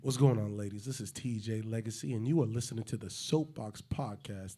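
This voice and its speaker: A man's voice: lowish voice, fairly quick, few pauses, warm tone. Man doing hype podcast promo intros. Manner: hyped announcer voice on intros, smooth seductive voice for the ladies. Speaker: podcast co-host. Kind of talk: recording radio-style promo intros. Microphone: handheld microphone.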